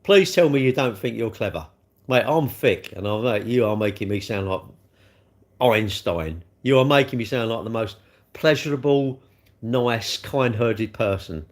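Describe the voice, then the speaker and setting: A man's voice: medium pitch, animated, a little slow. An older man, hosting a casual livestream, chatting in a rambling, blunt way while he answers viewer comments. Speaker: livestream host.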